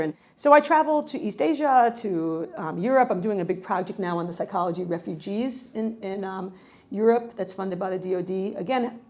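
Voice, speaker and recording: A middle-aged woman from New York, a researcher who answers questions with animated stories and frequent restarts. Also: on the low side. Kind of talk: conversational interview answer.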